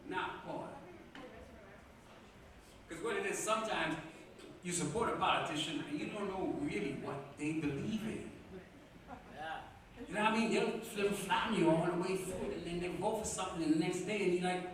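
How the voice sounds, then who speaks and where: High-voiced man chanting poetry in an echoey bar. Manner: rhythmic, chanting delivery with loose profane asides. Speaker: performance poet. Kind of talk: spoken word poetry and stage banter. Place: bar with a live audience. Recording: echoey bar mic from far off, loud crowd.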